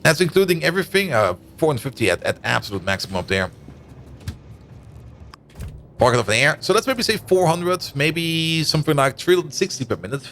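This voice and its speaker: Thinking aloud as he plays, a German-raised man in his thirties with a Dutch-German accent chats with stream viewers and laughs easily in casual let's-play commentary. He has a fairly high, slightly bright voice, with slight background noise.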